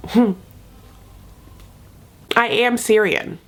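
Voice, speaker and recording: A woman's voice: fairly high pitch, drawn-out words, fairly bright tone. A woman hosting a casual TV recap, chatty and sassy, with frequent side remarks. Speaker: YouTube recap host.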